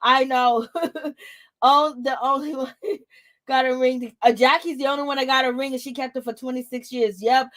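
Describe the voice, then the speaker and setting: A woman's voice: high-pitched, normal speed, no room sound, clean studio sound. A woman giving casual, sassy gossip commentary on a reality show, acting out the cast in quoted voices. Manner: animated, sassy, retells scenes in quoted voices.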